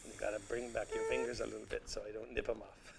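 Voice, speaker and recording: A man's voice: mid-range voice, gravelly, heavy background noise. A man teaching science on a live call-in TV show, playfully dropping into pirate talk. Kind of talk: live TV lesson. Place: TV studio.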